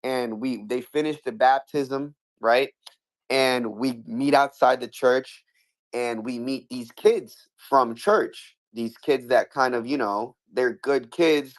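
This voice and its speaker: Man, casual storyteller, swears freely, restless restarts, acts out quotes. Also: medium pitch. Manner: animated, profane, many restarts, acts out quotes.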